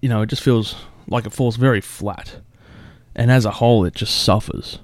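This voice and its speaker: A man's voice: mid-range voice, steady tone, moderate pace, no room sound. A man casually reacting to a song cover, blunt and swearing often, with short laughs. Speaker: music reaction host.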